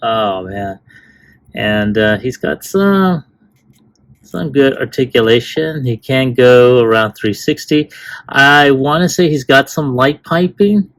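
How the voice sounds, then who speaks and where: Man, mid-range voice, unhurried toy-review host who rambles and restarts a lot. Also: mid-range voice, fairly bright tone. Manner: rambling, many fillers and restarts. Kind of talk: casual unboxing review.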